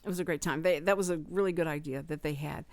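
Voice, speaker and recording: Lady radio host rambling thru a story, lots of ums, lowish voice, dry close mic. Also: fast, darkish tone, no echo. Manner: rambling storyteller with frequent fillers and restarts. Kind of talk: casual radio chat. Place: radio studio.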